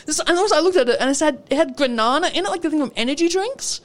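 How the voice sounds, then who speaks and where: A woman's voice: high-pitched, lively intonation, rapid-fire, slight background noise. A young Australian woman co-hosting a show, telling a story in casual chat, acting out the dialogue and laughing often. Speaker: radio show co-host.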